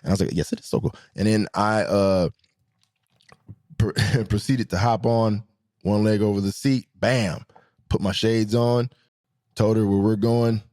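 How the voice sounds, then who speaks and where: A young adult man telling stories in a casual vlog, joking and profane, jumping between high squeals and low mutters. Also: a little slow, long pauses. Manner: animated, swings from high squeals to low mutters for comic effect. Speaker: vlogger. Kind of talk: casual storytelling monologue.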